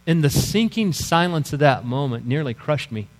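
A man's voice: expressive, normal speed. Man, middle-aged pastor, earnest sermon testimony, long hall reverb, faint mains hum. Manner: earnest storytelling, dropping to quiet low lines.

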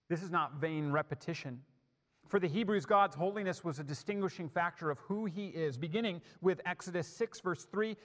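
A man preaching a sermon, building emphasis and then dropping to soft, hushed lines. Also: on the high side, big-room sound.

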